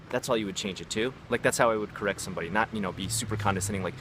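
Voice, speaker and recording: Low-voiced man rambling casually. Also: rapid-fire, few pauses, fairly bright tone, slight background noise. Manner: rambling, filler-heavy, acts out quoted voices. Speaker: vlogger, former English teacher. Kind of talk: casual storytelling vlog.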